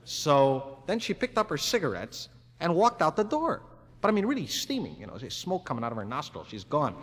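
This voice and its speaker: A man's voice: fairly high pitch, sing-song, brisk, fairly bright tone, slightly rough. Man telling jokes in a reverberant hall. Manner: conversational, rambling, acts out dialogue. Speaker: stand-up comedian. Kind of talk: live stand-up monologue. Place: live venue with audience. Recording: 1961 live album, long hall reverb, faint ambience.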